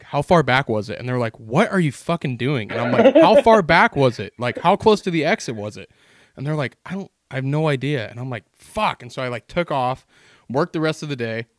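A man's voice: mid-range voice, dry recording, clean studio sound. Profane, rambling man telling hunting stories. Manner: swears constantly, rambling animated anecdotes. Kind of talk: casual podcast storytelling.

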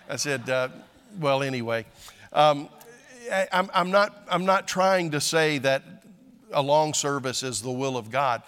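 A man's voice: mid-range voice, animated, moderate pace, a bit bright, clear, resonant tone, in a large hall. An older man, a pastor, preaching a sermon in a conversational, self-deprecating way with frequent restarts.

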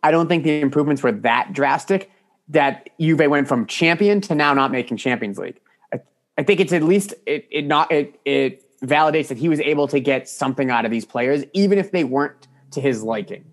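A man's voice: fairly high pitch, a little fast. A man co-hosting a football podcast in casual chat, easygoing and thoughtful, hedging his answers. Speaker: podcast co-host.

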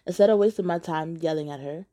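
A woman tells a personal story straight to the camera, candid and blunt, cutting in with sharp rhetorical asides. Her voice sits a little low. The tone is mellow and warm, never bright. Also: quick pace. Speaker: vlogger. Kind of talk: storytime narration.

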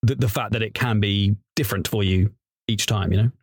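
A man's voice: fairly low pitch, fairly quick, husky, no echo, clean studio sound. A man talking casually as an improv comedian guest, chatty and rambling. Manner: chatty, rambling with restarts and laughs. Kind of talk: casual interview chat.

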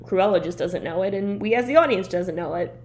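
A woman's voice: mid-range voice, a little fast, a little mellow, a little hiss or hum. Young woman on a podcast, rambly casual chat, laughs a lot, says like constantly. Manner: chatty, laughing, rambling with many likes. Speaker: podcast co-host.

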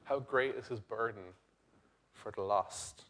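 A man's voice: lowish voice, takes it slowly. Earnest man preaching a sermon. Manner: earnest, swings from loud emphasis to quiet intensity. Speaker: pastor.

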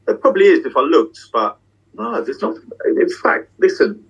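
Husky swaggering magician, slightly off-mic. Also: male voice, high voice, normal speed, far from the mic, muffled recording. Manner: swaggering, swears freely, talks in long excited runs. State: getting emotional. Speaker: magician and tour guest. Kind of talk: candid casual interview. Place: backstage dressing room.

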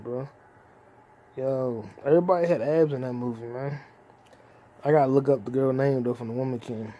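A man in his 20s with a medium-pitched, warm voice hosts a casual solo podcast. He rambles and free-associates, swearing constantly.

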